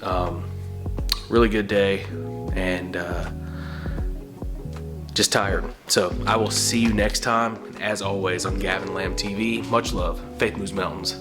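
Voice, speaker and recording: A man's voice: low voice, steady tone, slow pace, over music. Laid-back man chatting over sizzling food. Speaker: vlogger. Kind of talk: casual vlog chat. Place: home kitchen.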